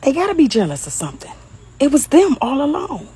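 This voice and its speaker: A woman's voice: high-pitched, wildly swooping pitch, brisk, mellow, rough recording. A woman from Detroit with a Detroit accent, speaking in a blunt, mocking casual monologue and laughing often.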